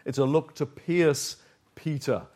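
A middle-aged man preaching a sermon, dropping to quiet low asides and rising to emphatic points. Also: fairly even intonation, slow pace. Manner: shifts between soft, low asides and emphatic, raised points.

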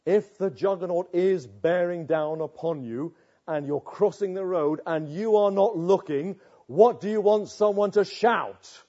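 A man preaching a sermon with urgency, swinging from loud warnings to hushed asides. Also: high voice, unhurried, lo-fi sound.

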